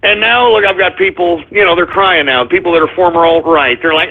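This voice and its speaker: A radio host man rants in a combative monologue, his voice high and husky. He keeps cutting in with loud shouted bursts. The sound is thin and narrow, like a phone line. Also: a little fast, hardly any pauses. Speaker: radio talk show host. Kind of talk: political talk radio monologue.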